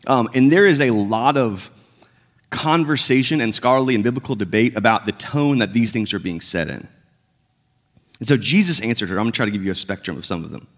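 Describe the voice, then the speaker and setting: A man's voice: on the low side, fast. A man preaching a sermon in a casual, conversational way, acting out the voices of the story as he goes. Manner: conversational, acts out biblical dialogue with shifting tones. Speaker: pastor.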